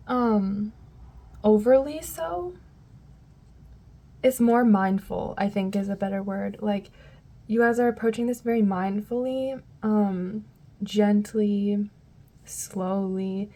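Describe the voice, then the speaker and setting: A woman's voice: mid-range voice, dark tone. A woman giving a casual tarot reading to her viewers, rambling and often losing her train of thought. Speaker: tarot reader.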